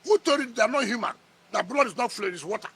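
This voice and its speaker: A man's voice: extremely high pitch, expressive, quick pace, fairly bright tone, slightly rough. A middle-aged man with a Nigerian accent, a politician sparring in a heated press interview, combative and scoffing, repeating his words.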